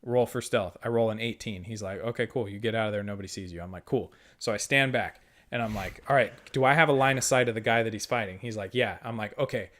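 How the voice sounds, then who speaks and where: A man's voice: lowish voice, quick pace. A young man casually retelling a tabletop game session, swearing freely and quoting the other players. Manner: profane, animated retelling with quoted dialogue. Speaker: podcast host.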